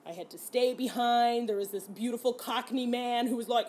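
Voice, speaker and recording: A woman's voice: fairly high pitch, normal speed. A young French-Canadian woman, a comedian, telling a personal story in a casual way, laughing and acting out her own past lines. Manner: animated, laughing, acts out her own quotes. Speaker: comedian guest.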